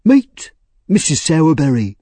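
A man voicing a pompous, self-important middle-aged workhouse official who speaks slowly, for a storybook reading. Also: a little high, very animated, dark tone, breathy edge, no echo, voice pushed up, heavily acted. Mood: lecturing.

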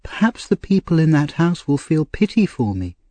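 A man's voice: a little high, big pitch swings, moderate pace, dark tone, no room sound, pitched above the performer's own voice. A man voicing a weak, frightened small boy talking to himself. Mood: desperate.

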